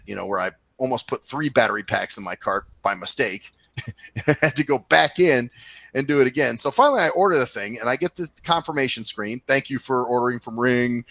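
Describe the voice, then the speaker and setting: Male podcast co-host, lively pitch, dry close sound, profane storytelling rants. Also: creaky, no echo, poor audio. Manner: ranting storyteller, animated, swears freely; mimics people in put-on voices. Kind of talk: casual profane chat.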